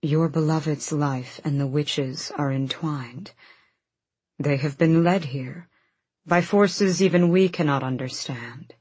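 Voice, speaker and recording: A woman voicing a grave, immortal male warrior in an audiobook, low and measured. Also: a little mellow, breathy edge, dry recording, heavily acted.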